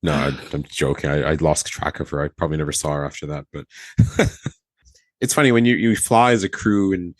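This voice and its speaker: A man's voice: extremely low pitch, fairly quick, no echo. A man, a former flight attendant, casually telling a story on a podcast, acting out the dialogue and laughing often. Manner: animated, acts out quoted dialogue, laughs often.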